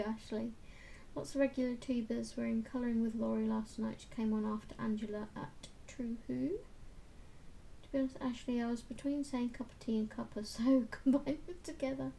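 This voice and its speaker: A woman hosting a casual colouring livestream, chatting with viewers and reading out their comments, with soft murmured asides to herself as she works. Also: on the high side, fairly even intonation, normal speed, creaky, slight background noise. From United Kingdom. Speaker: livestream host.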